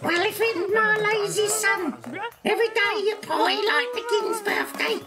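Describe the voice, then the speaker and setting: A man voicing an older peasant mother in a game who nags her lazy son with sharp orders. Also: very high-pitched, steady tone, unhurried, loud music behind the voice, pitched above the performer's own voice. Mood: scolding. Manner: nagging, shouting orders. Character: bawdy older peasant mother, shrill and scolding.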